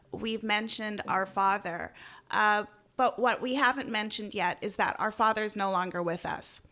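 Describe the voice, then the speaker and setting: A woman's voice: medium pitch, bright, forceful tone. A middle-aged woman from Jamaica co-hosting a podcast, telling family stories in an earnest, reflective way. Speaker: podcast co-host. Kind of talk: casual podcast chat.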